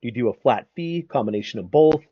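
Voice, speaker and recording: A man's voice: medium pitch, lively intonation, fast, breathy edge, no echo, lo-fi sound. A man hosting an interview, asking long, winding questions full of fillers. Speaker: podcast host.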